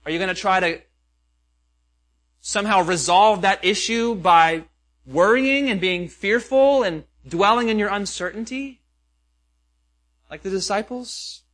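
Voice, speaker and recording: A man's voice: high voice, a little slow, pauses often, fairly bright tone. A pastor preaching a sermon, earnest and questioning, with many rhetorical questions to his listeners.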